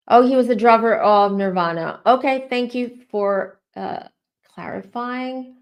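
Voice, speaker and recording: A woman's voice: fairly high pitch, measured pace. A middle-aged woman doing a live tarot reading, talking in a rambling, chatty and openly emotional way. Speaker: tarot reader.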